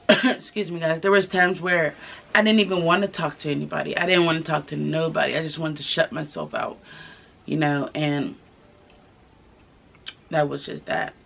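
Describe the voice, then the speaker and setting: A young woman telling her own story to the camera in a casual vlog, candid and soft-spoken, pausing often with fillers. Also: low-pitched, fairly even intonation, creaky. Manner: candid, halting, many fillers. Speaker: vlogger. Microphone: camera mic, filming herself.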